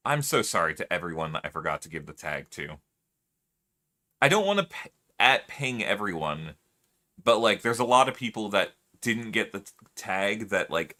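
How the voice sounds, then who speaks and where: A man's voice: fairly low pitch, pushed and bright. A man streaming live, chatting casually with his viewers, laughing often and musing aloud.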